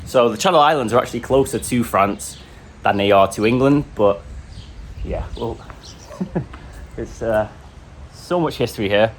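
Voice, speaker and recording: A man narrating a travel vlog and talking to camera while hiking outdoors, in a relaxed, chatty and enthusiastic way. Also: medium pitch, unhurried, pauses often, slight background noise. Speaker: hiking vlogger. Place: outdoors on a coastal hike.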